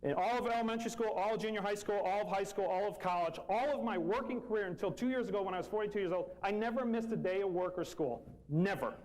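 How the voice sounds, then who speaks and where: A man's voice: sits high, fast, few pauses, darkish tone, poor audio. A man, telling a personal story earnestly and repeating phrases for emphasis. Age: 40s.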